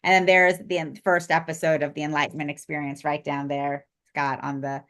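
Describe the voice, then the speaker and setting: A woman's voice: deep voice, little pitch movement, fairly quick, fairly bright tone. A woman co-hosting a live-stream chat, rambling with lots of fillers and speaking in an effusive, heartfelt way. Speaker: co-host presenting spiritual interview series.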